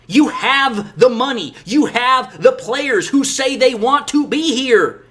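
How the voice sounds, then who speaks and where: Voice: high voice, animated, a little slow, hardly any pauses, a bit bright. A sports channel host giving emphatic, exasperated opinion commentary on football. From Detroit area, USA.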